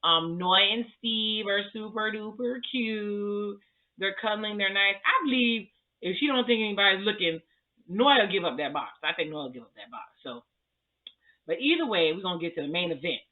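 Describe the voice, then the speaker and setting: Male vlogger, higher-pitched and sassy, casual slangy recap delivery, phone-quality lo-fi audio. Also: animated, normal speed. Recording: tinny phone-like sound.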